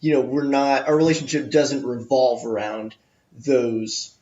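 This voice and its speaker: Young male podcast host, mid-pitched, hesitant and agreeable, in an echoey room on dull, lo-fi audio. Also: level tone, measured pace, a little mellow. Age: 20s. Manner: agreeable, hesitant, lots of ums and yeahs. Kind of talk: casual podcast chat.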